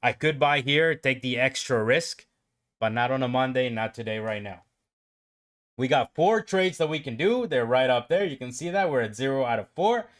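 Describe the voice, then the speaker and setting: Guy livestreaming his trades, mid-pitched voice, hypes himself up then explains calmly, desk mic. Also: moderate pace. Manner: self-talking, pumped up, swings from calm explaining to excited outbursts. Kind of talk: live-streamed trading commentary.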